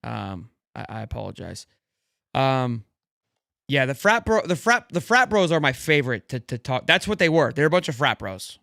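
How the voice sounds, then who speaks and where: A man with a big, loud voice, co-hosting a sports podcast and boasting about trash talk in casual banter. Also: mid-range voice, sing-song, normal speed, creaky, dry recording, clean studio sound.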